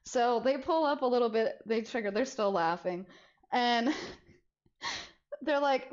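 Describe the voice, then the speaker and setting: A young woman with a slightly high voice tells a story casually on a stream, animated and quick to laugh. The audio is a bit dull and lo-fi, like a home streaming setup. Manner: animated, laughs through the story, frequent restarts.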